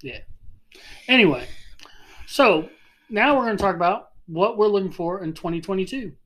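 A woman's voice: mid-range voice, animated, normal speed, fairly bright tone, low-quality recording. A woman co-hosting a podcast in casual chat, blunt and given to swearing, with lots of short agreeing replies. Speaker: podcast co-host.

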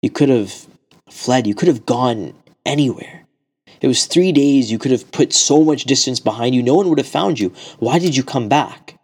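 A man's voice: medium pitch, lively intonation, moderate pace, a little mellow, breathy edge, pitched above the performer's own voice. A man voicing a stern ruler who questions the accused closely. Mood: searching. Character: stern caliph judging a murder case.

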